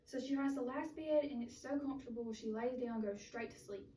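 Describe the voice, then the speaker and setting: A woman's voice: a little high, brisk, dark tone. A young woman giving a speech in which she retells a children's story in a chatty, loose way. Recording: roomy, distant mic with faint noise.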